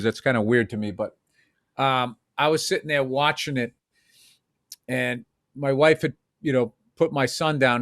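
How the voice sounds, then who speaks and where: A podcast co-host tells profane stories with animation on a casual comedy show, doing voices for other people. His voice is medium-pitched with a fairly bright tone.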